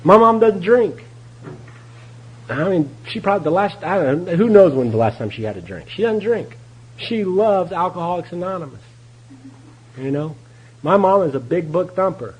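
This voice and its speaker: A man's voice: high voice, expressive, moderate pace, pauses often, slightly rough, poor audio. Folksy man telling his story. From Texas. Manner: folksy, candid storytelling with laughs. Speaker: AA meeting speaker. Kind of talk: recovery talk at a meeting. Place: meeting room.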